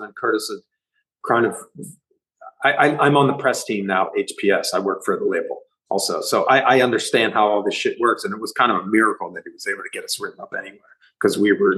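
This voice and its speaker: A middle-aged man, a band musician, telling a story in a rambling, profane, animated way during a casual interview. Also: lowish voice, rough recording.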